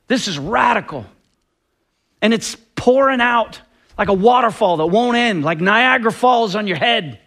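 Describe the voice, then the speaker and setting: A man's voice: high-pitched, expressive, normal speed, a bit bright. A man preaching a sermon with passion and emphasis, often acting out quoted dialogue. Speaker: pastor.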